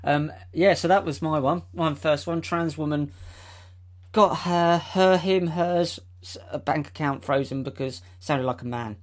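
A man's voice: on the high side, measured pace. A man co-hosting a podcast, laid-back and giggly with dry asides. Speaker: podcast co-host. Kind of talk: casual banter.

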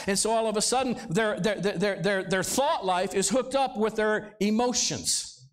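A man's voice: high voice, moderate pace. A male pastor preaching a sermon in a church service, talking conversationally and throwing rhetorical questions at the congregation. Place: church sanctuary, live service.

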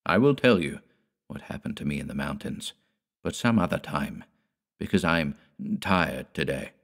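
A man voicing a cold, boastful old vampire patriarch in an audiobook, speaking slowly and wearily. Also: very deep voice, expressive, a bit bright, full character voice. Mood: weary.

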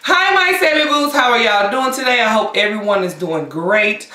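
A woman's voice: fairly high pitch, expressive, moderate pace, sharp tone, far from the mic. A woman hosting a casual eating-show vlog, chatting directly to her viewers. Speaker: mukbang vlogger. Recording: echoey room, voice away from the mic.

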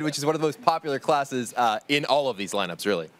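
Measured male esports analyst. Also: medium pitch, animated, fairly bright tone. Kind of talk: desk analysis.

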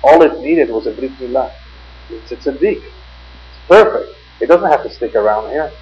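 A man lecturing voices a serene rabbi father explaining his calm after a loss, quoted in a story. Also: mid-range voice, moderate pace, highs cut off, a little hiss or hum, close to an everyday voice. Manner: serene, gently reasoning.

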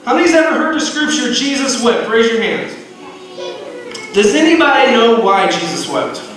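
A man teaching a lively Bible lesson to a room of children, repeating himself and calling them to order. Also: very high voice, normal speed. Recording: echoey room, far from mic, noisy.

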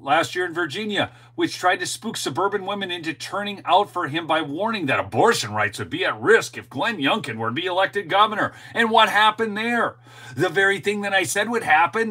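Brief: middle-aged male host, high voice, emphatic talk straight to viewers. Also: bright, forceful tone, poor audio. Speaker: show host and political commentator. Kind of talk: opinionated commentary monologue.

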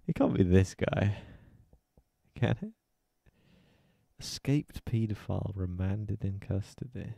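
A man's voice: lowish voice, slow, creaky, long pauses, warm tone, slightly rough, no room sound, studio quality. A man streaming prank calls, bantering crudely and joking as he goes. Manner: crude, joking, laughs at own lines. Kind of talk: casual live-stream banter.

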